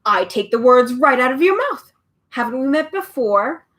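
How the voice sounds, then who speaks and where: Woman putting on a shrill cackling bird. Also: big pitch swings, moderate pace, a bit bright. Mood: gleeful. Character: meddling male bird, word-snatching nuisance.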